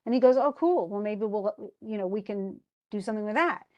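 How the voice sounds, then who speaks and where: Woman teacher, casual, paraphrases a play's lines in loose everyday speech, mid-pitched. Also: steady tone, a little fast, dull audio. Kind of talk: casual lesson, retelling a play.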